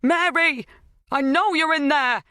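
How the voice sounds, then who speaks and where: A woman's voice: medium pitch, lively intonation, moderate pace, a bit bright, no echo, studio quality, voice pushed up. A narrator voicing a fearless, determined woman about to become a grandmother, speaking urgently. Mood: fierce.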